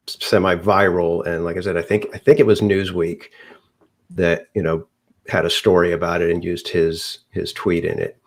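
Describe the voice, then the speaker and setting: A man's voice: low-pitched, level tone, moderate pace. A man co-hosting a casual podcast chat, rambling and hedging with lots of restarts. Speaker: podcast co-host.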